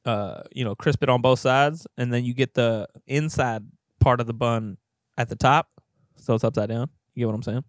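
A man's voice: medium pitch, fairly even intonation, normal speed, no echo, studio quality. A man co-hosting a casual podcast chat, telling a trip story in a laid-back, slangy way and laughing often. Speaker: podcast co-host.

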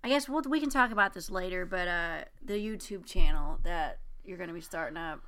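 A woman's voice: lowish voice, fairly quick, fairly bright tone. A young woman co-hosting a casual podcast, retelling events with lots of "like" and quoted voices. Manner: rambling, filler-heavy retelling with quoted voices. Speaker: podcast co-host. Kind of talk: casual chat.

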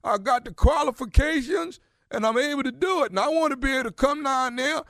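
A man's voice: very high voice, fairly quick, gravelly, a bit bright, no room sound, clean studio sound, full character voice. A man playing a stubborn, combative blind man demanding a barber job in a prank phone call, talking insistently. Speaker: radio prankster. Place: radio studio. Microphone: studio microphone.

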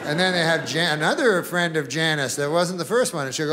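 A male stand-up comedian with a fairly high voice, talking in a loose, rambling, offhand way full of casual swearing and little chuckles. He speaks into a stage mic, and the recording carries a noisy live room. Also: fairly quick.

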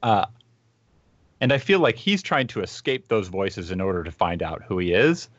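A man with a low voice talks through ideas slowly, with fillers, and gets animated as he tells a story. He sounds dry and a little dull, as if heard over a video call. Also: dry recording. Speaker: podcast co-host. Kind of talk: casual conversational discussion.

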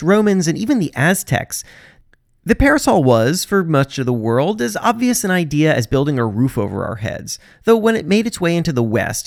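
A man's voice: a little high, creaky, no echo, clean studio sound. A man hosting a podcast, narrating from a script with wry, sarcastic asides. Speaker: podcast host.

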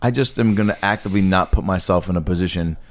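Man, lowish voice, casual comedy chat, profane storyteller. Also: fast.

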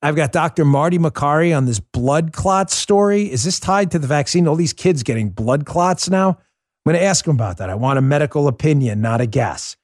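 A man hosting a political commentary show, talking fast and fired-up with sarcastic asides and frequent laughs. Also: a little high, animated, a little mellow, no room sound, clean studio sound. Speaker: podcast host.

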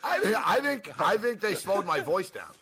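A man co-hosting a sports podcast in a bright, forceful voice that sits a little high. He talks fast and animatedly and often pokes fun at himself during casual chat. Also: husky. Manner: animated, self-mocking, quick talker. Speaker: co-host.

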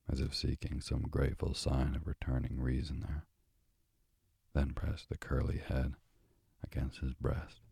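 A man narrating a storybook aloud in a slow, measured way. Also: very deep voice, creaky, dark tone, breathy edge, dry recording. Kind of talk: audiobook narration.

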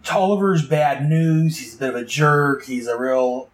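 A man's voice: medium pitch, measured pace, rough recording. A man hosting a casual comic book podcast, recapping pages in a rambling way full of asides.

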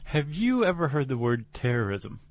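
An American man co-hosting a podcast, chatting in a relaxed, playful way with frequent restarts. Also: medium pitch, normal speed, dry recording. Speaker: podcast co-host. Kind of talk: casual chat.

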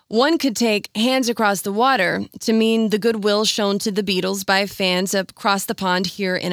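A woman hosting a radio music feature, reading scripted narration in a measured, explanatory storytelling manner. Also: mid-range voice, fairly bright tone, no room sound, clean studio sound. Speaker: radio host.

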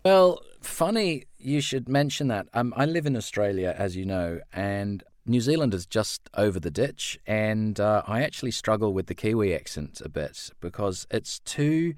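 A man's voice: on the low side, expressive, moderate pace, hardly any pauses, no room sound, studio quality. A man who works as an audiobook narrator and voice actor, answering interview questions in a chatty, self-deprecating way. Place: lives in Australia.

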